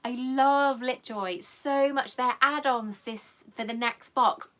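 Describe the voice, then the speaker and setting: Chatty woman with a bright, high voice. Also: slow. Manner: chatty, affectionate, rambling; emotional, near tears. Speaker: channel host. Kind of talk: live stream chat with viewers.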